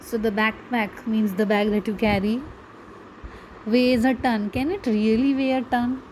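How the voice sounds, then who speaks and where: A woman's voice: on the high side, fairly even intonation, measured pace, darkish tone, slight background noise, low-quality recording. A woman teaching a grammar lesson, patiently explaining and asking her students rhetorical questions. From India. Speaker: English teacher.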